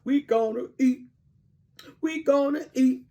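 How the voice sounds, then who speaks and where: A woman doing a high, wailing hungry boy. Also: fairly even intonation, slow pace, lo-fi sound, heavily acted. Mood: jubilant. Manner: wailing, shouting, breaking into cries. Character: hungry, dramatic young boy, excitable and whiny. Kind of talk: storybook read-aloud.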